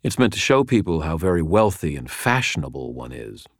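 A man's voice: very deep voice, very animated, fairly quick, vocal fry, no echo, exaggerated voice. A man voicing a suave, sardonic rich brother. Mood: dry. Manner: dry, cutting and worldly. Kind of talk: audiobook character voice.

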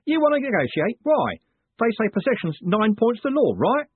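A man voicing a big, hot-tempered coachman who talks gruffly and blusters. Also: very high-pitched, very animated, fairly quick, pitched above the performer's own voice, full character voice. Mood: angry. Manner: gruff, blustering, working-class. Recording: phone-like dry audiobook sound.

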